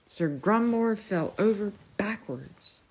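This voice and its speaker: A woman reading a novel aloud as a storyteller, measured and unhurried. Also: medium pitch, expressive, darkish tone, husky.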